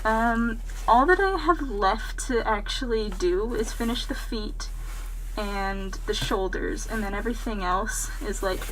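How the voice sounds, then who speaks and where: A woman's voice: on the high side, unhurried, a bit bright, slight background noise. A teenage girl narrating her cosplay build in a casual, unscripted vlog, rambling with lots of "um"s and poking fun at herself. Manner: rambling, unscripted, self-deprecating with frequent "um". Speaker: cosplay vlogger.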